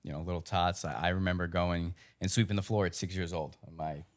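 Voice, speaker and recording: Low-voiced man musing on a podcast. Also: steady tone, fairly quick. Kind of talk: casual podcast conversation.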